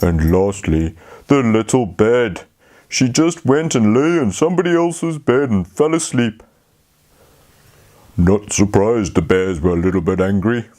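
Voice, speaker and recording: Guy reading a kids story, slow and sing-songy, talks to the kids. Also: lowish voice. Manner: slow, lively, talks to the children. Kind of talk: children's storytelling.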